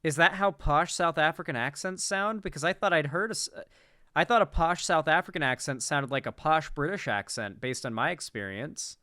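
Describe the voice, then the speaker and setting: Young man, political reaction commentary, swearing and incredulous, smooth higher voice, dry sound. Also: lively intonation, moderate pace, sharp tone, no room sound. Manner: profane, incredulous, rambling.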